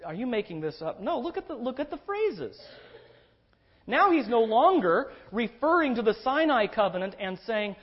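Animated high-voiced man preaching, husky and lively. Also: moderate pace. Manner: emphatic and animated, drawing out key words. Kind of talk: expository sermon. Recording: dull lo-fi recording.

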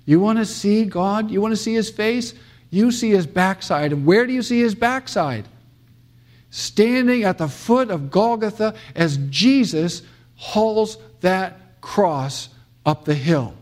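A man's voice: high voice, lively intonation, slow pace, a little mellow. A middle-aged man from the United States giving a classroom theology lecture, emphatic, with many fillers and restarts and dramatic quoting.

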